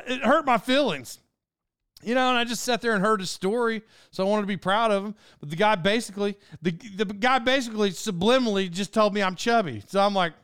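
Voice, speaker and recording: A man's voice: sits high, a little fast, a bit bright, clear, resonant tone, no echo, studio quality. A man hosting his own podcast, telling a rambling, self-mocking story and laughing often. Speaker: podcast host. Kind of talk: casual storytelling monologue.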